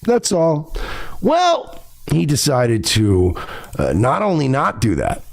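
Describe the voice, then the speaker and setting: A gravelly man hosts his own podcast, swinging his pitch all over as he rants. He is profane and confrontational, talking straight to the person he is calling out. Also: wildly swooping pitch, takes it slowly. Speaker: podcast host. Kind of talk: ranting monologue.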